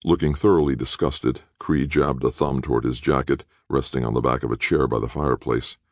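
A man narrating a thriller audiobook in a measured, dramatic way. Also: extremely low pitch, steady tone, no room sound, clean studio sound.

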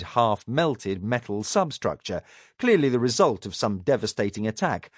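A man's voice: mid-range voice, no echo, clean studio sound. Man reading a sci-fi audiobook expressively. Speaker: audiobook narrator. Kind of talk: scripted narration.

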